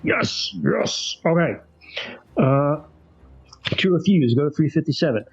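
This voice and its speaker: A man reads a solo horror adventure aloud, breaking in with animated, casually profane reactions to his own dice rolls. His voice is slightly husky and sits at an average pitch. The recording is a little dull and lo-fi, with faint music underneath. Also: no echo. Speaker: host playing a solo tabletop game.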